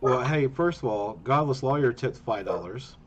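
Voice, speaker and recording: A man's voice: medium pitch, expressive, moderate pace, highs cut off, background noise. A man narrating a tabletop game as game master, chatty, with many fillers and frequent laughs.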